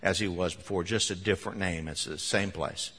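A man preaching a sermon, telling the story with animated emphasis and chuckles. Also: low-pitched, brisk, slightly rough, in a large hall.

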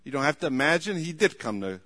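A male pastor preaching a sermon emphatically, repeating "listen to me" and breaking into loud commands. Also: a little high, big pitch swings, fast talker. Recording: long reverb of a large room.

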